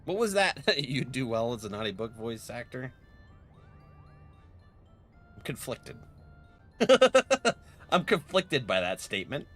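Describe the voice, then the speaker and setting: A young man casually chatting on a live game stream into a close microphone, excitable and jokey, laughing often and reading chat aloud. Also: mid-range voice, takes it slowly, pauses often, faint music behind. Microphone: close desk microphone.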